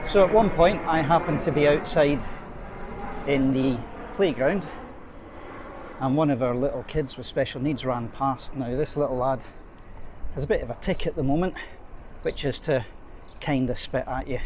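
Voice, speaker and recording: A man's voice: medium pitch, normal speed, long pauses. A middle-aged man, a head teacher chatting wryly to the camera while cycling outdoors, recorded on an action camera. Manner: chatty, wry anecdotal storytelling. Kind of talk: casual storytelling vlog while cycling. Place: outdoors on a bike along an urban road. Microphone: action camera mounted on a bike. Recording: faint street and traffic noise.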